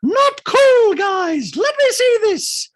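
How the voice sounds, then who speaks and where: A man voicing a shrill, giddy rich woman who squeals and breaks into sing-song nonsense sounds. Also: measured pace. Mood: shrieking. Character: shrill giddy rich woman gushing about her husband.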